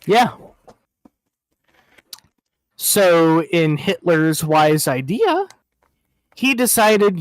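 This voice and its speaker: A young man chatting as co-host, making deadpan jokes, swearing often and getting excited. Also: a little high, very slow, long pauses, no room sound. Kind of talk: casual chat on a live show.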